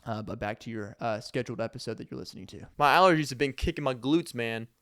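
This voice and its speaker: A man's voice: medium pitch, quick pace, a bit bright, dry recording. A young man hosting a podcast, telling loose, rambling comic stories full of fillers and chuckling asides into a close mic. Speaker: podcast host. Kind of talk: rambling comedic storytelling.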